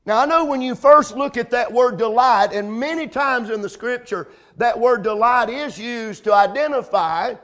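Preacher guy with a really high voice, fervent sermon, quotes scripture the old-timey way. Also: normal speed, hardly any pauses. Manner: fervent, builds to loud emphatic peaks.

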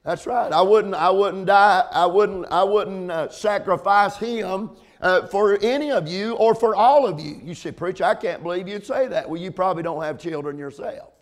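A high-pitched, middle-aged male pastor preaches, often repeating himself and saying "amen." His pace slows when he stresses a point, then he builds up to loud peaks.

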